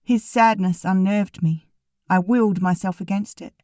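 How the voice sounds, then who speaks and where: A woman narrating a first-person audiobook in an even, wry storytelling manner. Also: medium pitch, normal speed, no room sound, studio quality.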